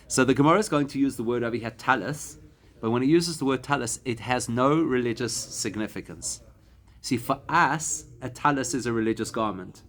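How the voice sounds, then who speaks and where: Rabbi teaching a Talmud class. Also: male voice, medium pitch, fairly bright tone. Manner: explanatory, slows to spell out Hebrew and Aramaic words. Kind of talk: classroom lesson to a live group.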